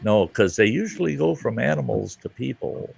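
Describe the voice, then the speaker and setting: A man's voice: medium pitch, animated, moderate pace, gravelly, a little mellow, husky. A man in casual group chat, emphatic and laughing, swearing freely.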